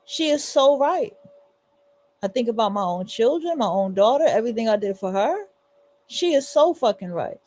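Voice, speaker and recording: A woman hosting a livestream, giving emphatic, repetitive reaction commentary with a husky voice. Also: on the high side, animated, normal speed, darkish tone. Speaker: livestream host.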